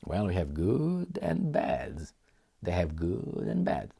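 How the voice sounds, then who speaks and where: Man, mocking news commentary, lowish voice, very lively pitch. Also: slow pace, gravelly, breathy edge. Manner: sarcastic, mocking, animated. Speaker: political commentator. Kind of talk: casual commentary reading articles.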